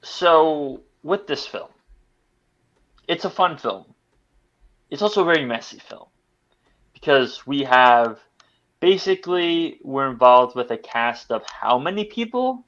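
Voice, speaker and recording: A man's voice: fairly high pitch, sing-song, unhurried, long pauses, fairly bright tone, highs cut off. A man giving a casual film review on a podcast, rambling with many restarts and stammers. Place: podcast studio.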